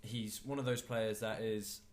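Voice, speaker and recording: Man, fairly low voice, casual football podcast co-host, opinionated. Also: fairly even intonation, unhurried. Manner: opinionated, enthusiastic.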